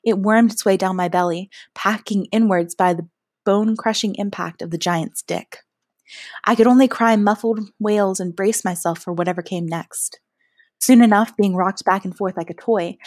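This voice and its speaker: A woman reading a first-person story aloud in a soft, hushed manner that at times drops to a breathy whisper. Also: medium pitch, steady tone, normal speed, dry recording, studio quality. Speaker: narrator.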